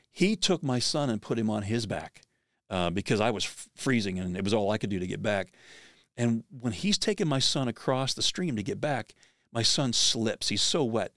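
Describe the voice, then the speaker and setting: A man's voice: mid-range voice, no room sound, studio quality. A middle-aged man hosting a podcast, telling a personal story in an earnest, vivid way that often restarts sentences.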